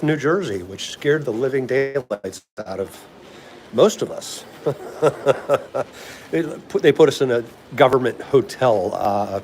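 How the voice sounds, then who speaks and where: A man's voice: mid-range voice, a little mellow, slight background noise. A middle-aged man with a DC accent, chatting casually on a livestream in a rambling way, laughing often and answering viewer comments. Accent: DC area. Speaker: livestream host.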